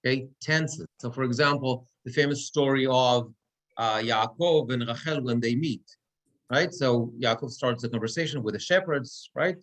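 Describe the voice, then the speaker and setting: A man's voice: medium pitch, normal speed, a bit bright. A cantor teaching Torah reading in a classroom, explaining step by step and checking in with his students often. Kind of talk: classroom lecture. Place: synagogue classroom.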